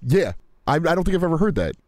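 A man co-hosting a radio show, talking in a quick, self-deprecating and sheepish way. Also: a little high, sing-song, no room sound, studio quality. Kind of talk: casual on-air banter.

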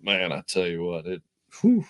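A man's voice: deep voice, wildly swooping pitch, moderate pace. A young man co-hosting a sports talk show, telling a personal story in a rambling, heartfelt way with lots of restarts. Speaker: podcast co-host. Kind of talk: casual chat, storytelling.

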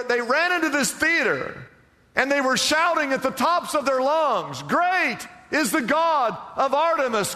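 A man's voice: very high-pitched, sharp tone, long reverb tail. A man preaching a sermon as pastor, emphatic and firing off rhetorical questions to the congregation.

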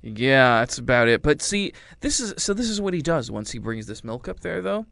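A man with a medium-pitched, gravelly, slightly bright voice speaks at a moderate pace in a sing-song way. As a movie reviewer in casual chat, he rambles through a film's plot with wry humor, acting out quotes in silly voices.

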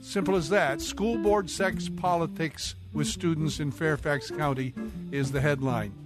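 Earnest radio talk host, higher voice. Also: male voice, measured pace, loud music behind the voice. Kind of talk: radio talk show interview and live read.

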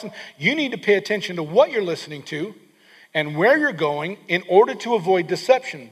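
A man with a notably high voice preaches an emphatic sermon, leaning in and repeating words to drive his points home. His voice rings through the long reverb of a large hall. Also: a bit bright. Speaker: pastor.

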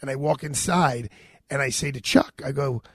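A man, a radio host telling a personal story with a sore throat, animated and retelling dialogue. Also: medium pitch, moderate pace, husky, no echo. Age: 50s.

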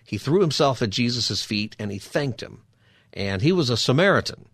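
A man's voice: medium pitch, expressive, normal speed, fairly bright tone, husky, dry recording, clean studio sound. A man hosting a show and giving a conversational Bible teaching, explaining scripture in an easy, chatty way with frequent rhetorical asides to the listener. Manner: chatty, asks rhetorical 'right?' and 'you know?' asides.

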